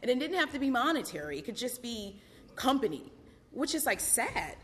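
A woman's voice: on the high side, sing-song, normal speed. Candid woman sharing her recovery story. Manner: candid, conversational, lots of fillers and laughter. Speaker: recovery meeting speaker. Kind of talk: personal testimony.

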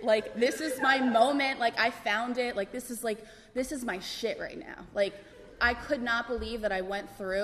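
Young woman, casual talk in a reverberant hall. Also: medium pitch. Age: 20s. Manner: casual, filler-heavy, self-deprecating. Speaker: speaker sharing her story. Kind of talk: personal testimony to a group. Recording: long reverb in a hall, faint background noise.

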